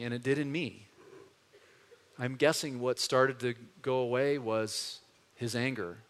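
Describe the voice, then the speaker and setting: Guy preaching, earnest chatty sermon, bright tense voice, big echoey hall. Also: mid-range voice. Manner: earnest, conversational, swings between loud and hushed. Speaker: pastor. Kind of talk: storytelling sermon.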